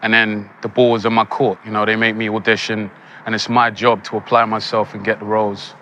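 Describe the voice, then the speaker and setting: Bright-voiced young man. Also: lowish voice, fairly quick, slight background noise. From England. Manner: animated, laughs often, acts out quoted lines. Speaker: actor guest. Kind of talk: casual interview storytelling.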